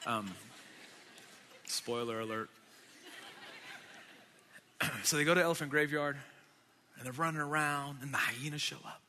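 A man preaching a sermon, swinging between loud declarations and near-whispers. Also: medium pitch. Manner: dynamic, shifts from loud to whispered. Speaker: pastor. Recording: long hall reverb.

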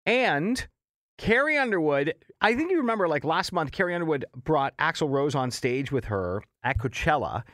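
Chatty radio host, higher voice. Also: male voice, sing-song, moderate pace, a bit bright, no echo. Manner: chatty, jokey, laughs often. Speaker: radio morning show host. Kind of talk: casual radio chat.

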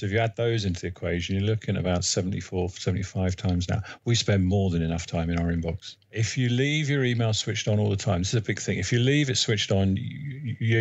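A man answering interview questions as an email productivity trainer, measured and explanatory. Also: sits low, darkish tone, no room sound. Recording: dull, lo-fi sound.

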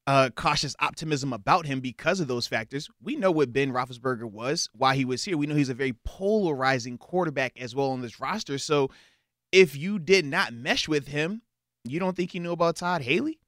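A man's voice: medium pitch, expressive, a little fast, a bit bright, no echo, clean studio sound. A man co-hosting a casual sports talk show, building his case with pointed questions. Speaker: sports podcast co-host.

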